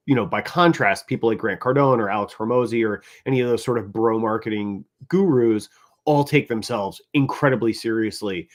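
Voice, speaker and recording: A man co-hosting a casual panel talk, making his case analytically and often checking in with "right?". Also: on the low side. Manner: analytical, keeps tagging points with "right?". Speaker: co-host.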